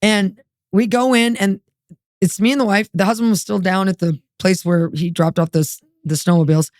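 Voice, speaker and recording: A woman as a guest, telling her testimony in a lively, streetwise way and acting out the dialogue. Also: mid-range voice, normal speed, no echo, studio quality. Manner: animated, acts out dialogue, streetwise. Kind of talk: testimony storytelling.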